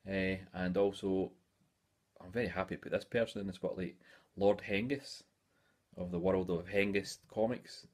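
A man's voice: deep voice, steady tone, moderate pace. A Scottish man in his forties chatting casually in a hobby vlog, rambling along with lots of "eh" fillers. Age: 40s. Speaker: hobby YouTuber.

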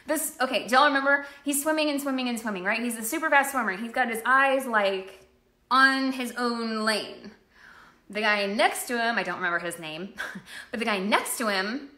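Animated woman with a drawl. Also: on the high side, echoey room. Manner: animated, chatty, acts out inner voices. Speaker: network marketing coach. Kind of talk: live-streamed motivational talk.

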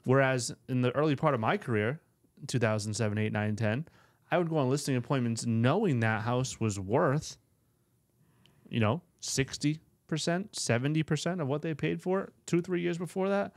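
A man's voice: medium pitch, moderate pace, no echo. Chatty man co-hosting a podcast. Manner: teasing, chatty, restarts often. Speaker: podcast co-host, real estate agent. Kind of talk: casual chat.

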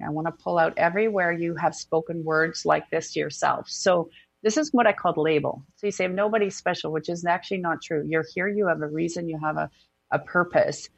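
A woman hosting a spiritual call-in radio show, talking in an animated way and acting out the voices she quotes. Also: fairly low pitch, brisk, creaky. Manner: animated, acts out quoted voices, laughs easily.

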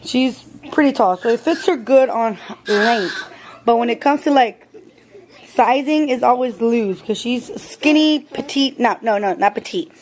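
A woman's voice: on the high side, unhurried. A young woman chatting casually to her camera, narrating her chores and her kids' routine at home, dropping in Spanish words to her kids. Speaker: family vlogger. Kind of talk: casual vlog chat. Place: family home, indoors. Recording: home video with steady background noise.

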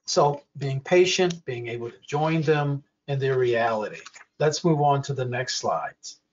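Slow, deliberate older male presenter. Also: mid-range voice, lively intonation, recorded from a distance. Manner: slow, deliberate, acts out quoted examples. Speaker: workshop presenter. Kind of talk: educational workshop talk. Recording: dull lo-fi audio.

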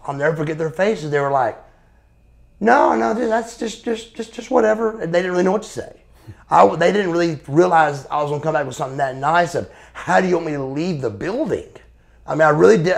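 Fast and expressive, his gravelly voice fairly high, a forties-aged former pro wrestler recounts stories in an interview. He's blunt and profane in a casual way, calling the listener brother.

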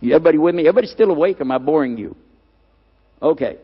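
An older man preaching a lecture, animated, putting questions to the audience and repeating key words. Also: a little high, rapid-fire, husky, big-room sound, highs cut off. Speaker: Islamic preacher.

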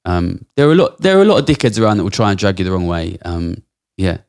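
Blunt, swearing man, low voice. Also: big pitch swings, fast talker, creaky, darkish tone. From England. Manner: blunt and passionate, heavy swearing. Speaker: podcast guest. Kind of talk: casual interview talk.

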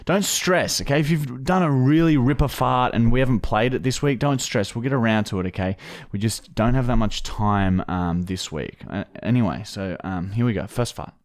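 A man's voice: medium pitch, normal speed, hardly any pauses. A man co-hosting a podcast, running segments with jokey, playful patter in crude casual banter.

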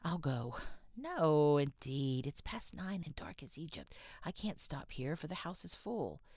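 A woman reading the part of a genteel, tired young woman, often speaking softly and in a whisper. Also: sits low, very animated, unhurried, no room sound, clean studio sound, voice pushed up, full character voice. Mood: worried. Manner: soft, frequently whispered delivery.

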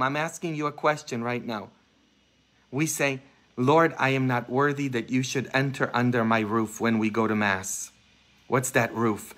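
A man preaching a homily as a Catholic priest, impassioned, dropping to a hush and rising loud as he acts out voices in his stories. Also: medium pitch, moderate pace. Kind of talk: sermon.

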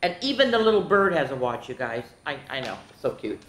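A woman reading picture books aloud to young children in a playful, animated way, speaking to them directly. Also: sits low, a little fast, slight background noise. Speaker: children's storytime reader. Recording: echoey room.

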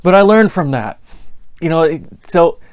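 High-voiced man preaching a conversational sermon. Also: animated, a little slow. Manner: conversational, with laughter and acted-out anecdotes.

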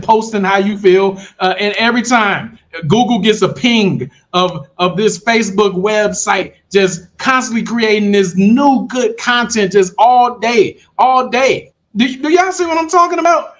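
High-voiced man pitching to viewers. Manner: animated, talks straight to viewers with repeated check-ins. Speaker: online business coach. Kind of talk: casual livestream pitch.

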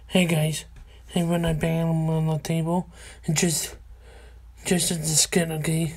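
A woman hosting her own channel in casual video chat, talking in halting, stop-start phrases. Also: sits low, flat delivery, a little mellow, husky. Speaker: channel host.

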